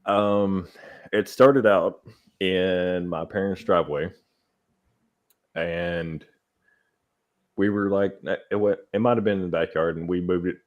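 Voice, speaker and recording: A man in a casual podcast chat, telling a story in an easygoing, drawn-out way. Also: low-pitched, fairly even intonation, highs cut off.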